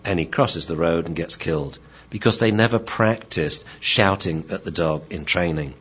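A man's voice: sits low, husky, muffled recording. A man lecturing as a dog trainer in a chatty, playful way, with many fillers. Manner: animated, chatty, playful, many fillers, laughs, mimics voices. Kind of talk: informal lecture.

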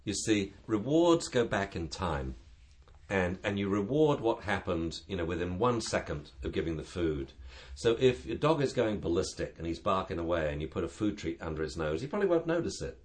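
A man's voice: sits low, big pitch swings, normal speed. A man who trains dogs, chatting on a talk show and acting out dogs and owners in funny voices. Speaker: dog trainer and show guest expert. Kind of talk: casual radio chat.

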